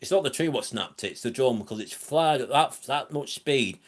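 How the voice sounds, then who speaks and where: A man's voice: mid-range voice, lively intonation, moderate pace, breathy edge. A man with a northern Lancashire accent hosting a live stream from home, chatting casually in a rambling way with many ums and reading out comments from the chat. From England.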